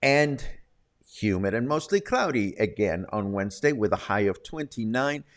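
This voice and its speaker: A man's voice: fairly low pitch, animated, moderate pace. A man hosting a casual local news and weather roundup, chatty, with wry asides. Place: Puerto Vallarta, Mexico.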